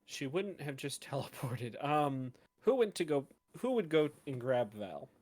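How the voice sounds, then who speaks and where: A man in his twenties narrating a tabletop game as game master, with an unhurried manner and plenty of pauses. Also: medium pitch, very animated, darkish tone, no echo. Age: 20s. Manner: unhurried, hesitant narration with fillers.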